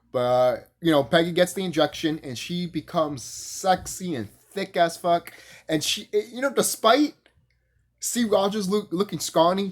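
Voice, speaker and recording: Man, casual rant, profane, rambling, lots of fillers, lively swinging pitch. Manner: rambling, profane, laughs often, many fillers; animated, jumps high when excited. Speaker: YouTube reviewer.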